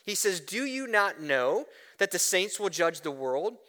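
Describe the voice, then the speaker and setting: Man, pastor, sermon, high pitch, smooth clear tone. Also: a little slow, hardly any pauses. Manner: animated preaching with frequent restarts and "right?" asides.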